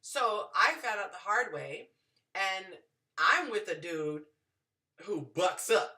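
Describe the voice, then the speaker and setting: A woman hosting a dating advice show, telling stories in an animated way and acting out the people in them. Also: mid-range voice, takes it slowly, recorded from a distance. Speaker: podcast host giving dating advice. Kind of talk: casual storytelling advice.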